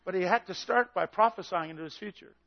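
A pastor preaches a sermon with fiery intensity, speaking fast in a voice that sits high for a man. He shouts his points and acts out the story's characters along the way. The recording is dull and slightly lo-fi.

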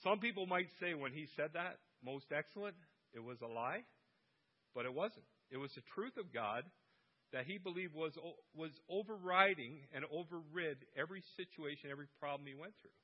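A man's voice: fairly high pitch, lively intonation, moderate pace, breathy edge, lo-fi sound. Man preaching with jokes. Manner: humorous storytelling with quoted voices. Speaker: guest preacher. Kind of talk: sermon. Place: church.

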